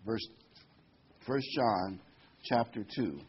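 A man's voice: fairly low pitch, takes it slowly, slightly rough, muffled recording. A man preaching a sermon, reading Bible verses aloud and explaining them with folksy asides and a joke.

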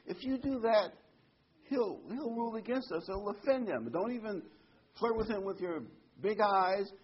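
A frantic, high-pitched male lawyer who piles warning on warning, as a man puts him on. His voice jumps far above the speaker's own register and stays tight with alarm. The sound is dull and lo-fi. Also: sing-song, normal speed, breathy edge, exaggerated voice. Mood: alarmed, urgent. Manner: insistent, repeating warnings. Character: anxious male lawyer pleading urgently. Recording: dull lo-fi recording.

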